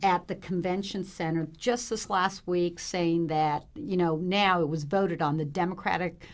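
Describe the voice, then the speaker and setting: A woman co-hosting a casual panel talk, asking lively, emphatic questions. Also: lowish voice, measured pace.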